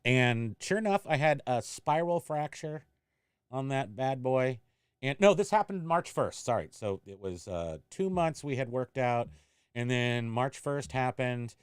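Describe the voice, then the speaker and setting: A man hosts a casual livestream about reselling, drifting into long, self-mocking stories. His voice is smooth and clear at a middle pitch. The sound is dry and close, with no room around it. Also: animated, measured pace, no room sound. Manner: rambling, self-mocking storyteller. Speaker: eBay reseller hosting a livestream.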